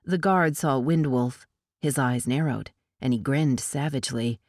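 A woman narrating a novel aloud in a steady, measured storytelling manner. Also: very deep voice, no echo, studio quality. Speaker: audiobook narrator.

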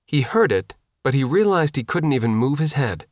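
A man narrating an audiobook in a casual, deadpan reading. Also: mid-range voice, moderate pace, dry recording, clean studio sound. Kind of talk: scripted narration.

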